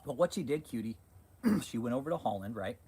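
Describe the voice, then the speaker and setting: A man's voice: mid-range voice, animated, a little fast, darkish tone, slightly rough. A man hosting a livestream, ranting in a heated, profane, repetitive way. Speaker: channel host.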